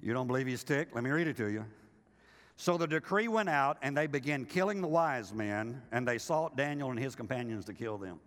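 An older male pastor preaching a sermon, animated and joking with his congregation, acting out the voices he quotes. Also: medium pitch, fairly quick. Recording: reverberant hall.

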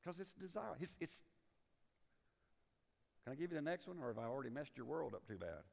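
A man's voice: fairly high pitch, sing-song, brisk, vocal fry, darkish tone, long reverb tail. A man preaching a sermon as pastor, folksy and teasing the congregation, acting out quotes. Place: church sanctuary.

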